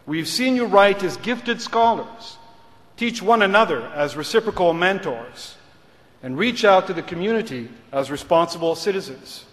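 A middle-aged man, a law school dean, giving a formal graduation speech in a measured, rhetorical manner, moving between English and French. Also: sits high, lively intonation. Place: large ceremony hall. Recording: reverberant hall.

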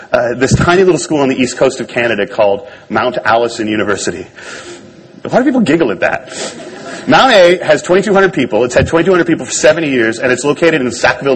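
A man's voice: medium pitch, a little hiss or hum, rough recording. A man on stage telling a personal story to an audience in a wry, self-deprecating way. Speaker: speaker giving a talk.

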